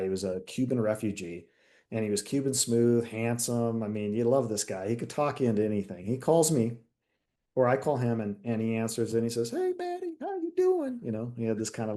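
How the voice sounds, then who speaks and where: A retired detective sergeant from the United States, a man, telling a candid story in a casual interview and acting out the dialogue. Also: on the low side. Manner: candid, animated storyteller who acts out quoted dialogue.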